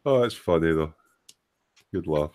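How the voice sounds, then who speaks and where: A man's voice: a bass voice, animated, unhurried, darkish tone. A Scottish man hosting a live stream, teasing his friend in dry casual banter. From Scotland.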